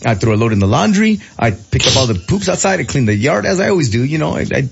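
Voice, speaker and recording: A man in his thirties hosting a show, telling a story in casual chat, animated and laughing, jumping into a high squeal when he quotes people. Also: fast, gravelly, dull audio, background noise. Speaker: radio show host.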